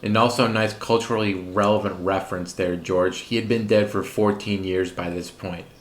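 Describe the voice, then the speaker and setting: A man's voice: deep voice, steady tone, normal speed. A man hosting a commentary series, narrating a script with sarcastic, mocking asides.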